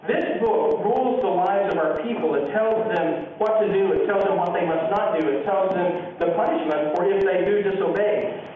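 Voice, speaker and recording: A man voicing a formal royal adviser who makes grave, measured pronouncements in a sermon story. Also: sits high, a little hiss or hum, natural voice. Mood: solemn. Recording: distant echoey church, phone-like sound.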